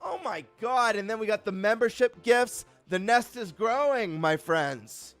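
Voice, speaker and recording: Hyped high-voiced male streamer. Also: a little slow, soft background music. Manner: excitable, hyped, greeting viewers. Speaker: live streamer host. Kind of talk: casual live-stream chat.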